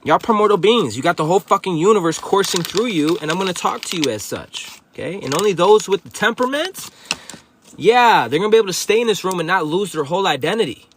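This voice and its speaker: A man's voice: sits high, lively intonation, quick pace, fairly bright tone, slight background noise. A man giving a livestreamed spiritual monologue to viewers, profane, confrontational and preachy. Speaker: livestream host.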